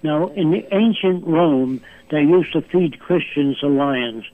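A man in his nineties, his voice slightly high and slightly slow, is heard as a phone guest over a tinny line with no echo. He lectures emphatically in his interview answers, driving his points home with rhetorical questions.

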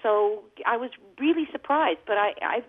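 A woman's voice: a little high, lively intonation, moderate pace. A woman singer and guest, talking in a chatty storytelling way during a radio interview by phone. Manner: chatty, warm storytelling with laughs. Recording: tinny phone line.

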